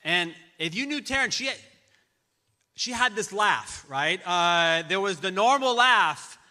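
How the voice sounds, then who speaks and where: A middle-aged man's fairly high, very bright voice carries through a big church hall with a long reverb. He tells a personal tribute in stops and restarts. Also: expressive. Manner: halting storytelling with many restarts. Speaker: friend giving a memorial tribute. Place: large church auditorium.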